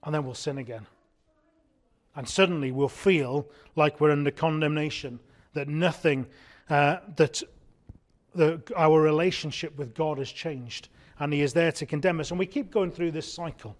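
A man preaching an evening sermon, earnest and emphatic, repeating key words and slowing down to stress them. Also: on the high side.

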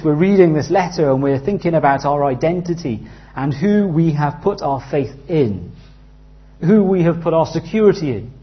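A man in his thirties preaching a sermon earnestly, dropping to a hush and rising loud as he tells stories. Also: medium pitch. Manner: earnest, with big swings from hushed to loud in anecdotes. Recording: slightly dull, lo-fi sound.

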